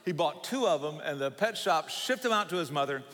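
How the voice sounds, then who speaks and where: A man's voice: a little high, lively intonation, a little fast, a bit bright, long reverb tail. An older man from Savannah, Georgia, with a Southern accent, preaching a sermon as a guest pastor in a folksy, joking storyteller's way. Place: church sanctuary.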